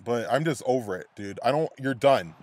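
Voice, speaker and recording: A young man rants angrily as a sports fan, scattered and swearing nonstop. His voice sits at an ordinary middle pitch. The sound is close and dry, with no room echo. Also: lively intonation, moderate pace, a little mellow. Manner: angry, scatterbrained, cursing constantly. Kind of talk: profane fan rant.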